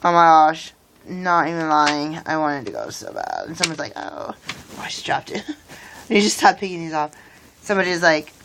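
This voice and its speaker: Low-pitched woman in her thirties, vlogger who rambles on and on, faint noise in the background. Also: very animated, normal speed, gravelly, a bit bright. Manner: rambling, talks while building with toy bricks. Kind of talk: rambling casual vlog.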